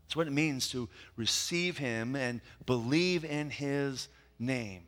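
A man preaches a sermon at an unhurried pace, leaning on repeated phrases to drive each point home. His voice sits in an ordinary middle pitch, and it rings out with a long reverb, as if in a large church sanctuary. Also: a bit bright. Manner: slow, deliberate, repeats key phrases for emphasis. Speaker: pastor. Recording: reverberant hall.

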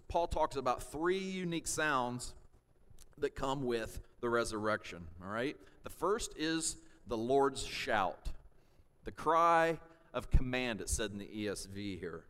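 A man teaching a sermon and reading scripture, pausing to check in with his listeners with "okay?" and "all right?" and rising to loud shouts for emphasis. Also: medium pitch, lively intonation. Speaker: pastor. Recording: long hall reverb.

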